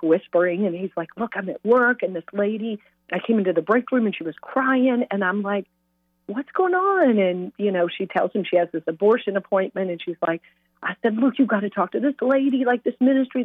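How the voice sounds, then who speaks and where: A woman who runs a pregnancy help ministry, telling stories on a call-in radio show and acting out the quoted voices with bright energy. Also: fairly low pitch, no echo. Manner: animated storyteller, voices quoted speech brightly. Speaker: pregnancy center director. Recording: dry tinny phone line.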